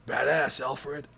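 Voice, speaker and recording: A young man hosting a casual movie review chat, animated and swearing, often laughing. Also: medium pitch, vocal fry, breathy edge. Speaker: podcast host.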